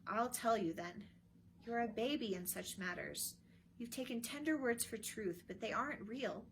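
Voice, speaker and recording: A woman's voice: on the high side, normal speed, a bit bright, a little hiss or hum. A woman voicing a stern old royal adviser lecturing his daughter in a storybook reading. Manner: lecturing, commanding.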